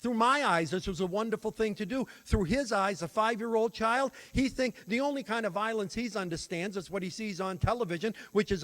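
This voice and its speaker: Older male speaker with a higher-pitched voice, earnest storytelling for a lecture to teachers and parents. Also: a little fast, few pauses, a bit bright. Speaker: workshop speaker on teaching children.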